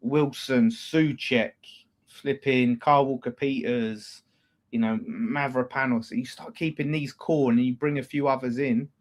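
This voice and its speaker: A man's voice: medium pitch, fairly even intonation, a little slow. A man co-hosting a football fan show, talking casually and bluntly, with plenty of swearing and restarts. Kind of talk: casual chat.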